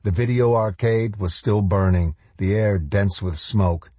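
A man narrating a novel in an audiobook with measured, even storytelling. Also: on the low side, dry recording.

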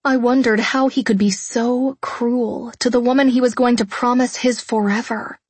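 A young woman narrating a first-person romance audiobook in a soft, hushed, intimate voice, often close to a whisper. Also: fairly high pitch, fairly even intonation, normal speed, slightly rough, no room sound.

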